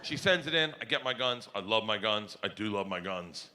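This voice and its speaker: A middle-aged man doing stand-up storytelling, animated, jumping between high excited yelps and low gruff impressions. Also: moderate pace, in a large hall. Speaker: stand-up comedian. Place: comedy club stage. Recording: live club with audience noise.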